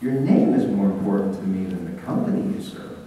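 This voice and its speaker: A man giving a lively business seminar talk, speaking directly to his audience and pushing his voice out. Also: low-pitched, brisk, a little hiss or hum. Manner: animated, projecting, talks straight to the audience. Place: seminar hall. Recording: echoey hall, taped from far off.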